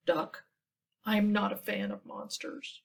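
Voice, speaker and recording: A woman voicing a nervous, gentle male goose in a storybook read-aloud. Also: takes it slowly, vocal fry, recorded from a distance, full character voice. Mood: uneasy. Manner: worried, honking high voice.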